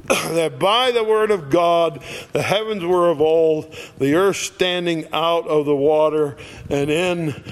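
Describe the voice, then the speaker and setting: A man's voice: a little high, slow pace. A man teaching a Bible passage in a conversational, folksy way, with many fillers and acted-out quotes. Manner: folksy, filler-heavy, acts out scoffers' voices.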